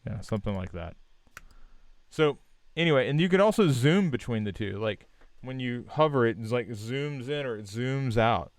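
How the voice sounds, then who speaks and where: A man hosting a live stream, giving relaxed, encouraging design feedback with many fillers and restarts. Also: mid-range voice, normal speed, no echo. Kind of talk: casual live-stream critique.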